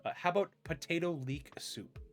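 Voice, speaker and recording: A man's voice: on the high side, animated, normal speed, faint music behind. A man hosting a casual chat, reading recipes aloud and laughing often. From United States. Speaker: podcast host.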